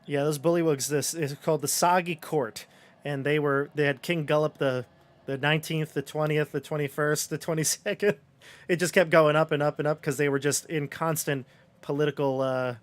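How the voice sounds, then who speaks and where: A man's voice: on the high side, steady tone, normal speed. A man, the game master and host, casually leading a talk with his players in an upbeat way. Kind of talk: casual chat.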